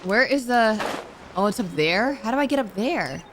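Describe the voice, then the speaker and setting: A young woman streaming a video game, chatting and reacting with quick jokes. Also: on the high side, expressive, over music. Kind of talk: casual gameplay commentary.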